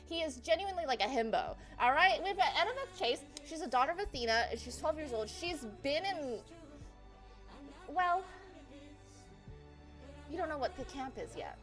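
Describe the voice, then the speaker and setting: A young woman with a high, bright-pitched voice recaps a story for friends in a loose, comic way. She swears freely, leans on "like" and "blah, blah", and keeps tossing in quick asides. Faint music plays in the background. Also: lively intonation. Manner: rambling, profane, filler-heavy, fast asides. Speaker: presenter. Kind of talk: casual comic slideshow recap.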